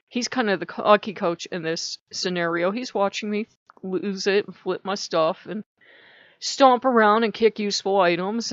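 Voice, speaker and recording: Animated woman venting in a vlog. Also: medium pitch, no room sound. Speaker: channel host. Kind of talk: casual personal vlog. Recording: dull, lo-fi dry recording.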